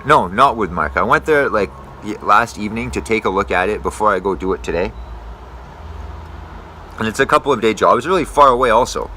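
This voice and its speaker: Foul-mouthed ranting young man, bright voice. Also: on the low side, animated, fairly quick, slight background noise. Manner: profane, swears constantly; rambling, self-correcting. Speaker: tree climber. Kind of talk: casual rant to camera.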